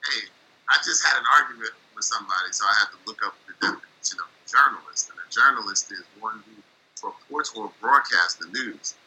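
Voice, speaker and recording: A man's voice: fairly low pitch, a little fast, sharp tone, poor audio. A man co-hosting a sports talk show who pushes back with wry, teasing remarks. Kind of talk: casual sports debate.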